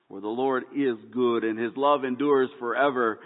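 A man's voice: mid-range voice, fairly even intonation, moderate pace, few pauses. A man preaching a sermon, opening with folksy jokes and stumbling through restarts and fillers. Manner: folksy joke-telling with frequent ums and restarts. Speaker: pastor. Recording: echoey hall over a tinny phone-like line.

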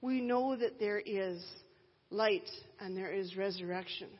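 A woman in her thirties preaches as a pastor, earnest and emphatic, using deliberate pauses. Her voice is medium-pitched and husky, and the recording sounds dull with a long hall reverb.

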